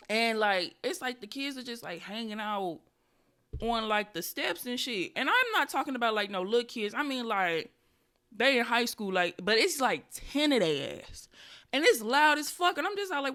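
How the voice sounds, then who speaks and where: A woman in her twenties hosting a podcast, telling a story in a casual comedic way with profanity and loud animated bursts. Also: on the high side. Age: 20s. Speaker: podcast host.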